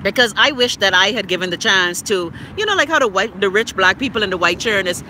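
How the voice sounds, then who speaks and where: A loud, cussing Bahamian woman in her fifties hosts a livestream, speaking with a Bahamian accent. Her voice is bright and cutting, and she rants freely into a phone. Faint street and traffic noise hums behind her outdoors. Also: mid-range voice, fast, few pauses. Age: 50s. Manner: loud, profane, animated ranting. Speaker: livestream host. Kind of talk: casual livestream chat.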